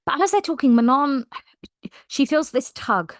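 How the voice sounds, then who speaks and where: A young woman retells a novel's plot in a casual, animated vlog. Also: high-pitched, a little slow, no echo, studio quality. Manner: animated, gushing storyteller. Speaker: book vlogger. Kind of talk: casual book recap vlog.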